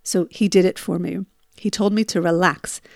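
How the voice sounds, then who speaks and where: A woman's voice: lowish voice, steady tone, normal speed, creaky, darkish tone, dry recording, studio quality. A woman in her forties telling a personal story, reliving her panic with emotional bursts.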